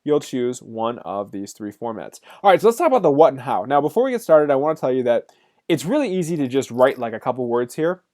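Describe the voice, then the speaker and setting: A male college instructor delivers a recorded course lecture at a brisk clip. He keeps it upbeat and jokey, talking straight to his students. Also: mid-range voice, very animated, darkish tone.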